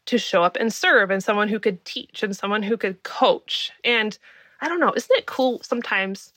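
On her podcast, a US woman in her thirties tells a story about herself in a chatty, giggly, self-mocking way. The voice sits fairly high and a bit bright, and no room sound comes through.

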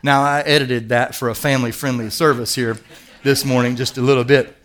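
A man's voice: medium pitch, little pitch movement, brisk, a bit bright. A middle-aged man preaching a sermon as pastor, earnest and emphatic, repeating key words for weight.

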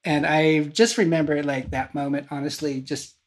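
A man, the award-winning guest, answering an interview question in a halting, self-amused way. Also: a little high, little pitch movement.

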